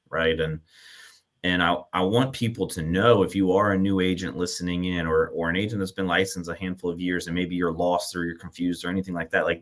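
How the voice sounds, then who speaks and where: A man with a very deep voice hosts a casual interview. He talks conversationally and keeps tagging his points with "right?". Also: fairly bright tone. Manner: conversational, frequent "right?" tags. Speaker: podcast host.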